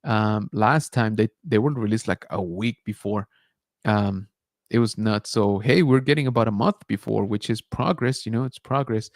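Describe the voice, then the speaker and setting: A man's voice: lowish voice, normal speed, no echo, studio quality. A man hosting a casual late-night livestream, chatting loosely with viewers and thanking them as he signs off. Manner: relaxed, rambling, thanks viewers and reads chat. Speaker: channel host. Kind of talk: casual livestream sign-off chat.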